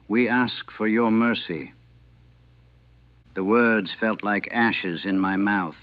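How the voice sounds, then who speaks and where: A man narrating his wartime memories as a chaplain in a somber, measured, grave way. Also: fairly low pitch, dry recording. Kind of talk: first-person war memoir narration. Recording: narrow phone-like band, dry.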